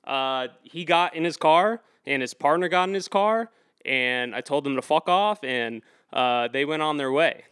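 A man's voice: a little high, a little slow, a bit bright, clean tone, dry recording. A man telling a story in an interview, rambling with lots of fillers and restarts, and getting heated and emphatic as he goes. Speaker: activist guest.

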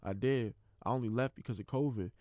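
A man's voice: medium pitch, warm tone, no echo, clean studio sound. A young man, a college football player, hosting his own podcast and speaking candidly and earnestly about his life, with lots of casual fillers. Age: young adult. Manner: earnest, heartfelt, rapid and loose with many fillers. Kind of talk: candid personal monologue.

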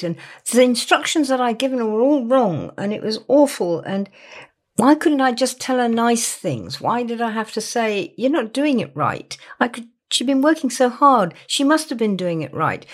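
A woman, working as a therapist or coach, talking earnestly about a client session in a gentle manner and softening to near-whispers for emphasis. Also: fairly high pitch.

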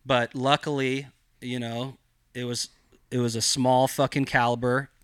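Bright-voiced, foul-mouthed man telling a story. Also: mid-range voice, little pitch movement, measured pace, clear, resonant tone, no echo, clean studio sound. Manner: heavy swearing, rambling with lots of filler. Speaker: podcast guest, cannabis grower. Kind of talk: casual storytelling.

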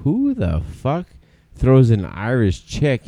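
A man co-hosting a podcast in casual chat, animated and swearing, acting out movie quotes. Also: medium pitch, slow, dry recording. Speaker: podcast co-host.

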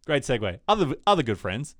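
A man co-hosting a podcast, chatting casually about TV shows and acting out scenes in quick put-on voices. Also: mid-range voice, big pitch swings, fairly bright tone, no room sound, clean studio sound. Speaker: podcast co-host.

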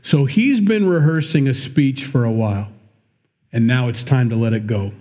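Pastor, male, mellow and relaxed, teaches scripture in an easy conversational tone. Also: medium pitch, moderate pace. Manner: conversational, reads scripture then adds plain asides. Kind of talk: sermon, verse-by-verse Bible teaching.

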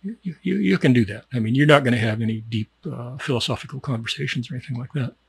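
A man's voice: mid-range voice, fast talker, vocal fry, breathy edge, dry recording. A man giving a rambling, jokey mock-educational monologue and laughing at his own jokes. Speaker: comedic video host.

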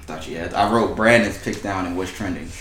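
A man's voice: sits low, sharp tone, reverberant, slight background noise. Loose, profane young male podcast host. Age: 20s. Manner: loose, profane, joking banter. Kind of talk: casual podcast chat.

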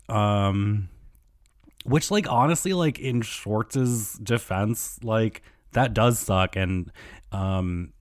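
A man with a fairly low voice hosts a casual solo podcast. He rambles through gossip with loose fillers and frequent swearing. The sound is dry and close, with no room echo. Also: extremely slow. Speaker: podcast host.

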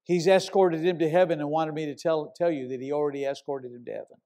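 A pastor telling a long personal story in a sermon, animated and casual, sometimes bursting into loud shouts. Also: male voice, a little high, fast.

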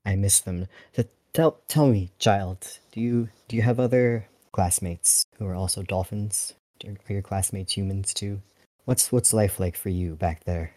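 A man's voice: on the low side, steady tone, unhurried, dark tone, no room sound, lightly acted. A man voicing an adult male uplifted dolphin pilot in a tabletop role-play, speaking formally and calling the listener "child". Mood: formal, gentle. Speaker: player.

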